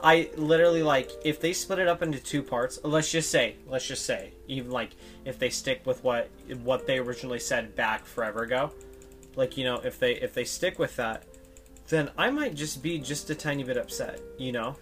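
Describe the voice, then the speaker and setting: A man's voice: mid-range voice, normal speed, fairly bright tone, faint music behind. A young man in casual chat as a podcast co-host, hesitant and loose, often repeating himself.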